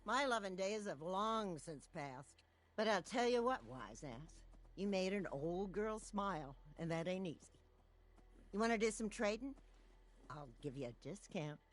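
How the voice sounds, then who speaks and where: A woman's voice: mid-range voice, expressive, unhurried, close to an everyday voice. A woman voicing a tough, wisecracking older female trader in a video game, with a brassy, blunt manner. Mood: wry. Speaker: wasteland trader.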